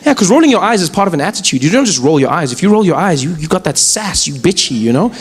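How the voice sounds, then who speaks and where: Animated comedian, high voice. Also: male voice, fast, slightly rough. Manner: animated, mocking. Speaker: stand-up comedian. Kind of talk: stand-up comedy. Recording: live venue with crowd noise. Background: audience laughter.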